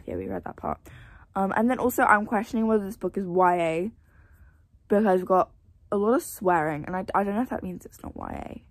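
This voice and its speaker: A teenage girl chatting casually in a reading vlog, gushing and excitable, swearing now and then, tired late at night. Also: medium pitch, normal speed, no echo. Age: teens. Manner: gushing, excitable, swears, mixes soft asides with loud outbursts. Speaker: reading vlogger. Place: bedroom at home with a fan running.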